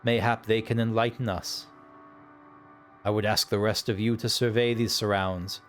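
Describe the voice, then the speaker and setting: Man reading a formal young scholar, measured, archaic, faint music behind. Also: on the low side, steady tone, close to an everyday voice. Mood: earnest.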